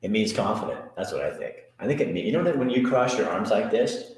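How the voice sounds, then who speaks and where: A man's voice: on the low side, animated, fast talker, a little mellow. A man hosting a casual live chat show, reading viewer comments aloud and answering them in a joking, rambling, self-mocking way. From Montana. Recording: very echoey room.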